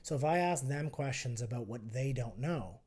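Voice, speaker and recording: A man guesting on a podcast, who works as a health and fitness entrepreneur, talks persuasively and acts out both sides of an argument in a casual exchange. His mid-range voice has lively intonation, a normal pace, a darkish tone and a slightly rough texture.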